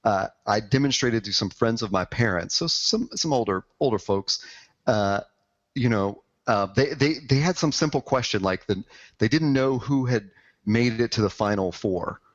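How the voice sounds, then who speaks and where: A man co-hosting a podcast, chatting casually about tech in a halting, hesitant way. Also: lowish voice, expressive, highs cut off. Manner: halting, hesitant, many uhs. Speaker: podcast co-host.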